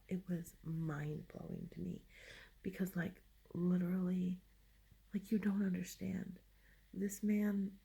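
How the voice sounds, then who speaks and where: Woman rambling through a personal story, slow and hesitant, lots of ums and restarts, low gravelly voice. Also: mellow. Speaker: vlogger.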